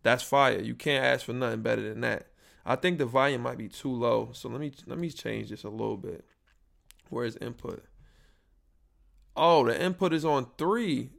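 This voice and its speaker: A young man talks casually and rambles through his podcast, full of slang and asides. His voice has a gravelly, creaky texture at a middle pitch. He is recorded on a built-in computer microphone. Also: normal speed, a bit bright. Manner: rambling, troubleshooting audio live, slangy. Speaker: podcast host. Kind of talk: casual solo podcast chat.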